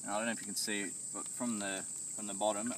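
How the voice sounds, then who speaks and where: A laid-back young Australian man with a somewhat low voice hosts a crabbing outing, easygoing and chatty. He sounds distant from the camera, with loud outdoor noise all around. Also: flat delivery, fast talker. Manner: laid-back, says "mate" a lot, gives safety tips. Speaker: host. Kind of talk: casual outdoor crabbing video. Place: outdoors by an estuary.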